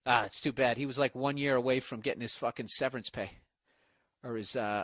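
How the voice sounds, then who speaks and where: Bright-voiced man in a profane rant. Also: mid-range voice, fairly even intonation, a little fast, dry recording, clean studio sound. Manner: profane, mocking, rambling. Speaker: podcast host. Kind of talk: solo comedic podcast rant.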